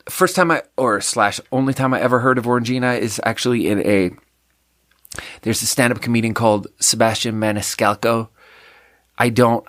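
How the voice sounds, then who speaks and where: A man's voice: on the low side, fairly bright tone, no room sound, clean studio sound. A man hosting a solo podcast, chatting casually in a rambling, self-deprecating way that trails off and restarts. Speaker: podcast host.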